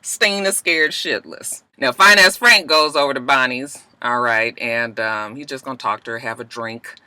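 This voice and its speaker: A woman giving a casual, animated TV episode recap with Southern US dialect features and a profane streak. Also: normal speed, clean tone, dry recording. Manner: animated and profane, bursts into high shrieks. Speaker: TV recap reviewer.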